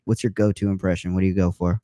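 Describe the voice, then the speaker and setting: A man's voice: sits low, little pitch movement, fast, dark tone, no room sound, studio quality. A young man co-hosting a casual podcast chat, joking and laughing often. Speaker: podcast co-host.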